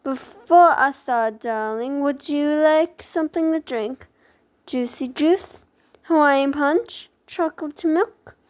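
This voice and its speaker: A woman's voice: high voice, slow pace. Woman doing Miss Bree Bree, fake-French little diva. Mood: gushing. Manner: gushing, calls everyone darling. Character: bossy little girl posing as fancy hairstylist.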